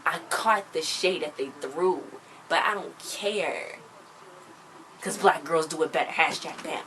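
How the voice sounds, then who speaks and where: Chatty low-voiced woman recapping a show. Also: unhurried, slight background noise, low-quality recording. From US countryside. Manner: chatty, emphatic, slangy, animated. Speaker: TV episode reviewer. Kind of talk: casual recap vlog.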